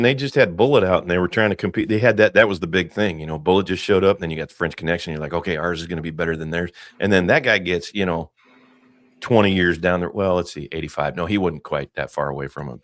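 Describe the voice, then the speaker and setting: A man hosting a casual movie podcast, animated and rambling, joking and swearing freely. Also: low voice, quick pace, dry recording, clean studio sound. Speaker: podcast host.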